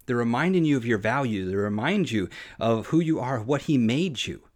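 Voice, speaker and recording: A man's voice: medium pitch, lively intonation, normal speed. Earnest man preaching conversationally. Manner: earnest, heartfelt and personal, with frequent restarts. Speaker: preacher hosting a devotional podcast. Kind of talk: conversational sermon.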